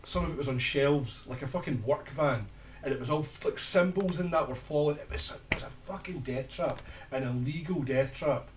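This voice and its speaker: Streamer, sweary and wry, a bit high, roomy distant sound, loud music under him. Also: male voice, a little fast, a little hiss or hum. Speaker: streamer reviewing old tour footage. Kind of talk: casual commentary over old video.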